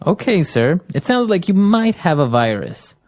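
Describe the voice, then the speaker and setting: A woman reading a calm, patient male tech support agent in a scripted dialogue. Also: on the low side, moderate pace, no echo, studio quality, pitched above the performer's own voice. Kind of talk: scripted role-play dialogue.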